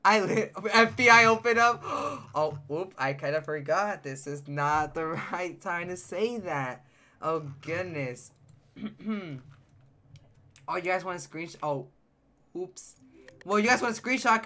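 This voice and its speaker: High-voiced excitable male game streamer. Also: takes it slowly. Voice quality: high-pitched voice that sometimes cracks. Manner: excitable, chatty, reacts to chat, repeats phrases. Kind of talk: live-stream chat while gaming.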